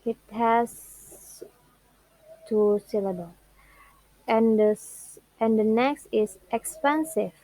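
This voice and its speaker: A young woman with Indonesian as her first language presents on English word stress in class, taking care, hesitating, and prolonging example words. She has a warm, fairly high voice, and the recording is rough but free of echo.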